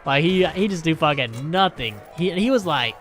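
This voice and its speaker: A man with a slightly high voice tells a story in casual commentary over gameplay. His delivery is animated and profane, swinging widely in pitch as he rants. Faint game music plays underneath. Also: normal speed. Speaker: gaming YouTuber.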